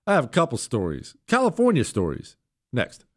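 Hoarse, emphatic talk radio host. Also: male voice, huge pitch swings, a little fast, heavy background noise. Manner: emphatic, sarcastic, swings between loud jabs and low mutters. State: hoarse, voice nearly gone. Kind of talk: opinionated political talk radio monologue.

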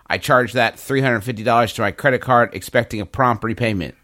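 A man's voice: medium pitch, fairly quick, sharp tone, dry recording, studio quality. A man co-hosting a comedy podcast, reading a listener question and spinning absurd scenarios in loose, rambling banter. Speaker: podcast co-host.

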